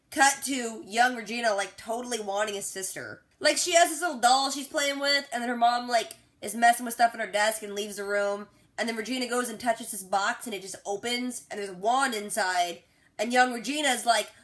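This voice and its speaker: Excitable slangy young woman, a bit sick. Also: a little high. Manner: acts out characters' lines in quick voices. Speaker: TV reaction vlogger. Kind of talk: casual recap and reaction.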